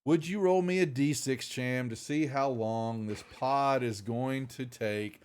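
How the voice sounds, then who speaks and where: A man's voice: medium pitch, unhurried, darkish tone, clear, resonant tone. Rambling male game master. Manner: loose, rambling narration with fillers. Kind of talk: narrating a tabletop game.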